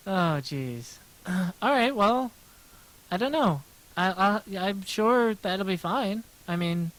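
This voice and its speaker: An American livestreaming artist with a gentle, smooth, fairly high voice chats loosely with viewers while drawing. He rambles, repeats himself, and jokes at his own expense as he reads out and answers their questions one by one. The audio quality is poor.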